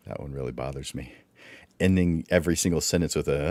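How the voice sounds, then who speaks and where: Male workshop presenter, deep-voiced, instructive, quizzes the listener with rhetorical questions, dry close sound. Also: moderate pace, pauses often, darkish tone, no room sound. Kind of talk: livestreamed speaking workshop.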